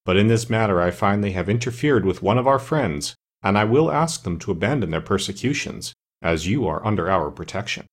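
A man with a husky voice voicing a grave, bearded immortal ruler of the forests who speaks calmly and sternly. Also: on the low side, fairly quick, few pauses.

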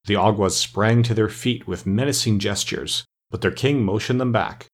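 A man narrating an audiobook chapter in a measured, even storytelling manner. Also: fairly low pitch.

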